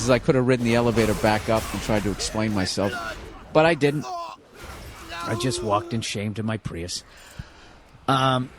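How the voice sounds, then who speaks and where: Profane rambling man telling stories. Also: mid-range voice. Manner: rambling, profane, laughs at himself. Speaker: gaming streamer. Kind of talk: casual storytelling while gaming. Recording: game music behind voice. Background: game music.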